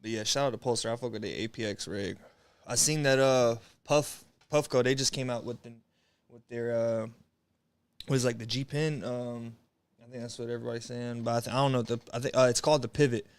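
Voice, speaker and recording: This streamer's medium-pitched voice is clean, fairly even in intonation and a little fast, with no echo. He's a young man chatting casually and rambling on his livestream, slangy and swearing often while saying hi to viewers.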